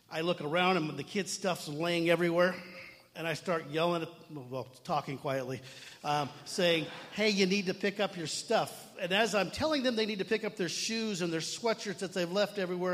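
A middle-aged man preaches in a relaxed, talky way, doubling back on his words and tossing in asides to the congregation. His voice sits a little high for a man and rings with the long reverb of a large hall. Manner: conversational preaching with frequent asides and restarts. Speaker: pastor. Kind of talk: sermon.

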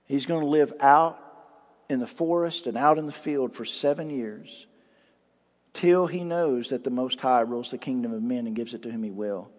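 Emphatic preacher in an echoing hall. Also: male voice, medium pitch, moderate pace, darkish tone. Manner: emphatic preaching with dramatic rises and drops. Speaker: pastor. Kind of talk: sermon. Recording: long hall reverb.

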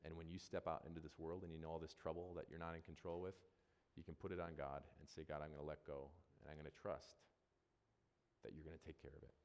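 Deep-voiced man preaching in a hall. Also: flat delivery, quick pace, darkish tone. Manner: conversational, repeats phrases for emphasis. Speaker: pastor. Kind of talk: sermon.

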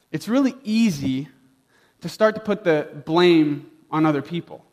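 A man's voice: high voice, expressive, moderate pace, darkish tone. A young man preaching a sermon as a personal story, talking in a casual, chatty way full of "like" and acted-out dialogue. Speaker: pastor.

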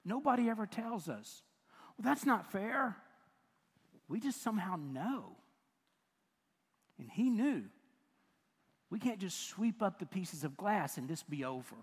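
Older preacher with a high, ringing voice. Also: male voice, unhurried, pauses often, husky. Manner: animated, self-mocking storytelling with chuckles. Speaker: pastor. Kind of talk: storytelling sermon. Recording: long reverb of a large hall.

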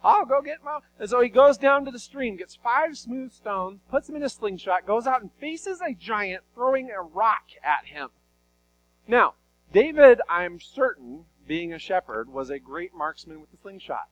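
A man preaching a sermon, retelling Bible stories in an animated, conversational way. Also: high-pitched, unhurried, poor audio. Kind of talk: sermon storytelling.

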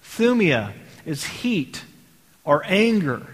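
A man from Texas delivers a sermon with a fairly high voice, talking to his congregation like old friends and throwing out rhetorical questions. His words carry a long reverb tail, as if filling a big church hall. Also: very animated, takes it slowly, husky. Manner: conversational preaching with rhetorical questions. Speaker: pastor.

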